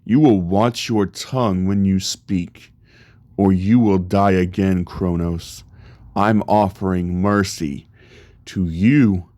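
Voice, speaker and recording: A man voicing a proud young god-king who makes slow, grand, solemn declarations. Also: deep voice, darkish tone, no echo, studio quality.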